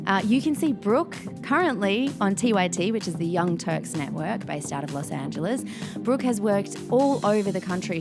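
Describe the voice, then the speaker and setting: Enthusiastic Australian woman podcast host. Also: fairly low pitch. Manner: enthusiastic, exclaims often. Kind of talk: casual interview chat.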